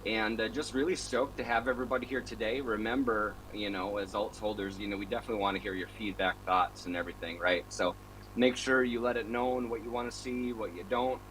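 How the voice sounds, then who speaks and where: A man's voice: fairly low pitch, fairly even intonation, brisk, a bit bright, slight background noise, low-quality recording. A man co-hosting a casual online chat, laid-back and jokey. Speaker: co-host.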